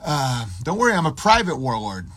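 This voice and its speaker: A man streaming, ranting in a profane, sarcastic way with deadpan absurd riffs. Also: on the high side, a little fast, husky, dry recording.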